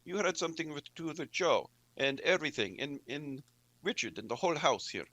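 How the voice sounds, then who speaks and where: A man's voice: fairly high pitch, animated, brisk, bright, forceful tone, no room sound, pitched above the performer's own voice. A man voicing a vengeful nun who is a spy and a cold brawler, speaking in an accusing, righteous way.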